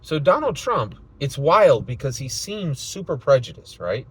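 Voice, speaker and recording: A man's voice: mid-range voice, very animated, unhurried, breathy edge, poor audio. A man talking casually to the camera about politics in a loose, rambling way, often tagging his lines with "right?". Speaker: political vlogger. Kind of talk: casual monologue commentary.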